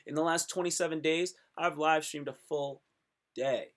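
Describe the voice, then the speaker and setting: A young man hosts his own live stream, rambling in a hyped and self-pumping way and calling his viewers "son" and "kid". His voice sits a little high for a man. He keeps talking with loose, restless energy. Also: steady tone, moderate pace, a bit bright. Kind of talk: casual live stream monologue.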